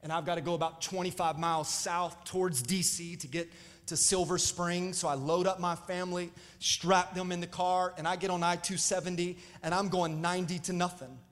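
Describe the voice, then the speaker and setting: A male pastor telling stories in a sermon, animated and calling out to the congregation. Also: sits high, normal speed, big-room sound. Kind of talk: storytelling sermon.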